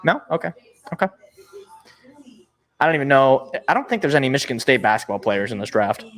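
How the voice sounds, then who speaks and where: A man's voice: medium pitch, sing-song, brisk, a bit bright. A young man hosting a sports show, reacting live with exasperated, sarcastic, rambling commentary. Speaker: sports podcast host.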